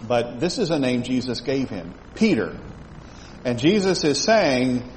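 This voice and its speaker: A man teaches a Bible study at a measured pace, his mid-range voice swinging widely in pitch. He reads scripture, poses questions to listeners and often repeats words as he works through his thoughts, recorded in an echoey hall with faint background noise.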